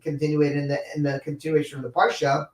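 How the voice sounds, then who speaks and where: Animated man teaching in an echoey room. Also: fairly high pitch, fast talker, recorded from a distance. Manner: reads Hebrew passages and explains them in English; animated, with many repeated restarts. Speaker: Torah class teacher. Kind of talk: live-streamed Torah class.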